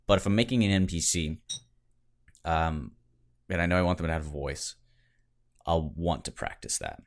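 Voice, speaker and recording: A man's voice: sits low, animated, normal speed, vocal fry. A young man co-hosting a podcast, chatting casually about tabletop games in a joking, laid-back way. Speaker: podcast co-host.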